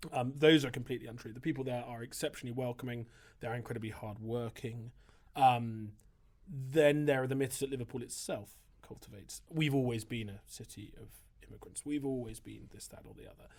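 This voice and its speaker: A man's voice: mid-range voice, fairly quick, darkish tone. A man who is a priest and writer, answering interview questions in a thoughtful, discursive way, with frequent hesitations and restarts. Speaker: priest and writer, podcast guest.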